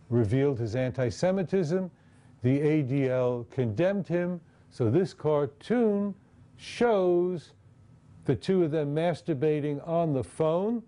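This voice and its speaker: A male professor lectures in a loose, conversational way, talking his audience through slides and pausing often to check they follow. His voice sits a little high for a man, with a mellow tone.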